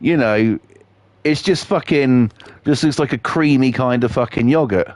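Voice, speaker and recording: A man's voice: mid-range voice, unhurried, darkish tone, no echo. A man, chatting on a live game stream in a sweary, rambling, jokey way. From England. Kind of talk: casual chat on a live stream.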